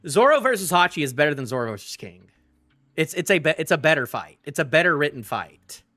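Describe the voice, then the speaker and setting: A young man streaming live, ranting excitedly and casually about a manga, rambling with stumbling restarts and the odd swear. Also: a little high, brisk, soft background music. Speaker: streamer reacting to a manga chapter. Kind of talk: live reaction rant, casual.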